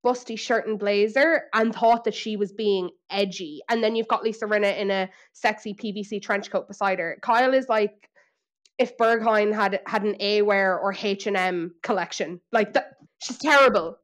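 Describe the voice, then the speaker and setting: An Irish woman co-hosting a podcast in casual chat, telling animated stories and putting on exaggerated impressions. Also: medium pitch, moderate pace. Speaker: podcast co-host.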